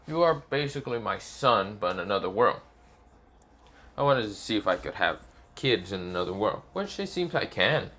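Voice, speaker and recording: A man voicing a deep-voiced demon king speaking to his son, halting and rambling with many restarts. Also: very animated, fairly bright tone. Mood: grand.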